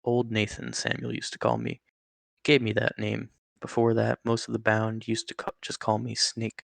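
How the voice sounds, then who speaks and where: A friendly old male rattlesnake who talks as if biting strangers were ordinary business, as a man reading the story puts him on. The voice is gravelly and sits a little above the reader's own, with a chatty, wry, matter-of-fact delivery. The recording is close and dry. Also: mid-range voice, completely flat delivery, normal speed, dry recording.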